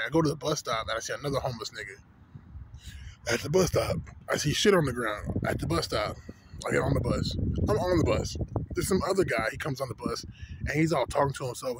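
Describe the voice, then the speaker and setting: A man vlogging into a phone, telling street stories in a profane, rambling way full of filler words. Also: a little high. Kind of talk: casual rant to camera. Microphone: phone camera. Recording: loud vehicle noise behind.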